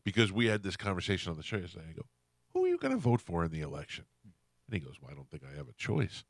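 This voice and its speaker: A man's voice: deep voice, huge pitch swings, racing, no echo. A middle-aged man hosting a radio show, telling a story in a casual way and acting out both sides of a conversation. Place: radio studio. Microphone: studio microphone.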